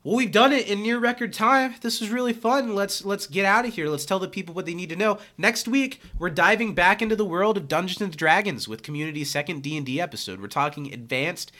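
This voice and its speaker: A male podcast co-host talks in a loose, joking way and stumbles over his words now and then. His voice is bright and pitched a little high, though he is under the weather with a sick voice. He stays relaxed and chatty. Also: brisk, few pauses. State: sick, hoarse voice. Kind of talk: casual chat.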